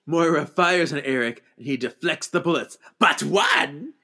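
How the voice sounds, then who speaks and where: A man's voice: a little high, animated, measured pace, pushed and bright, breathy edge. A man co-hosting a movie podcast, recapping scenes in casual chat and mocking the characters as he goes. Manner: retells scenes with mocking voices and laughs. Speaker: podcast co-host.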